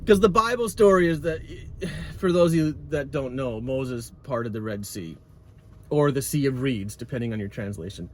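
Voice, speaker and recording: A man's voice: medium pitch, expressive, normal speed. A man telling a travel story casually while driving, rambling with frequent restarts. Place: moving car. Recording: road noise in a car.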